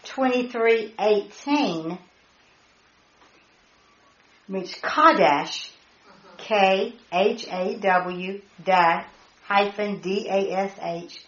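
A woman leading an informal Bible study, repeating key words and spelling out terms as she gets excited. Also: medium pitch, drawn-out words, lo-fi sound. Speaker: Bible teacher.

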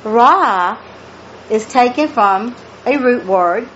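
A woman's voice: fairly high pitch, expressive, extremely slow, fairly bright tone, lo-fi sound, a little hiss or hum. Woman teaching Bible study, repeating herself. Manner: repeats phrases for emphasis; reads scripture aloud and explains it.

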